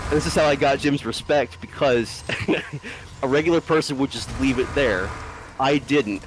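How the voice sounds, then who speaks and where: A man tells a long anecdote to his friends in an easy, rambling way, at a middling pitch. He swears freely, and his laughter keeps breaking into the telling. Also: normal speed, over music. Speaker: streamer telling a story to friends. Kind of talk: casual storytelling chat.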